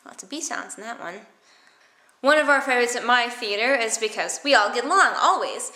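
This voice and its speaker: A woman teaching theatre vocal warmups in a playful, silly way, exaggerating her mouth movements. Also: on the high side, lively intonation, brisk. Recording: echoey room.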